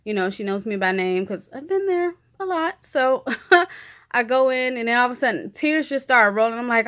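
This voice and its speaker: A woman's voice: fairly high pitch, animated, moderate pace, fairly bright tone. A woman giving a candid, emotional personal video update in casual, chatty speech full of fillers like "you know" and "like". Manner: chatty and candid, full of 'you know' and 'like'; emotional, talks openly through her feelings. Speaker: vlogger.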